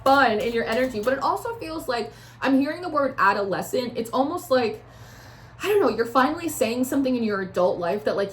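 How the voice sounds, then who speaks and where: A woman's voice: fairly high pitch, a little hiss or hum. A woman giving a casual tarot reading, talking loosely with lots of fillers and acting out feelings with animation. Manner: chatty, many "like" fillers, swears freely; acts out the listener's feelings in a raised, animated voice. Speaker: tarot reader.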